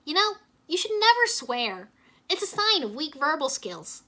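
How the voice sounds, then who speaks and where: A woman's voice: high voice, expressive, fast talker, fairly bright tone, pitched above the performer's own voice. A woman voicing a sarcastic, wisecracking young male ninja. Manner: sarcastic, quippy.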